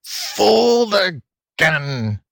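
A man's voice: high-pitched, sing-song, very slow, vocal fry, dry recording, studio quality, voice pushed up, heavily acted. A man voicing a sly, bad old fox in a storybook, snickering and howling his threats. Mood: dismayed. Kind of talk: storybook reading.

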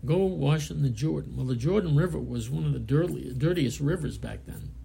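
A man's voice: fairly high pitch, brisk, creaky, warm tone, husky. A man giving a sermon, reading scripture aloud and explaining it in an earnest, plainspoken way with frequent restarts. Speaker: preacher.

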